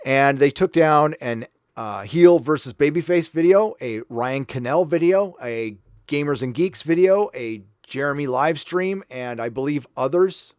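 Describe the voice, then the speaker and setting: Casting note: a fairly high-voiced man as a sarcastic livestream host, close dry mic, mock-earnest delivery. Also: expressive, a little slow, clear, resonant tone, no room sound. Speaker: host reading viewer donations. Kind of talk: casual livestream chat.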